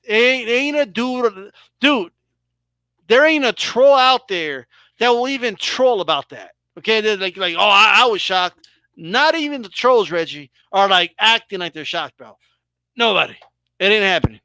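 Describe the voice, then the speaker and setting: A man's voice: sits high, very animated, moderate pace, sharp tone, dry recording. A man hosting a live boxing talk stream, talking casually and emphatically, swearing freely. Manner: emphatic, swearing, exaggerated mock reactions. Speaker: boxing show host.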